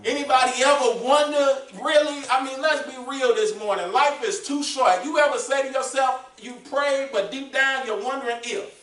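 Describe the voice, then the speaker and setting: A man's voice: very high-pitched, steady tone, moderate pace, hardly any pauses, a bit bright. A man preaching a sermon as pastor, asking the congregation questions and building his points up. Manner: preaching with call-and-response questions. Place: church sanctuary. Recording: roomy echo, mic at a distance.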